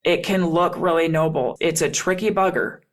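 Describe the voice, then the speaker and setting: A woman's voice: fairly low pitch, moderate pace. Earnest woman coach repeating key phrases. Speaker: podcast host and relationship coach. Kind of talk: solo podcast monologue.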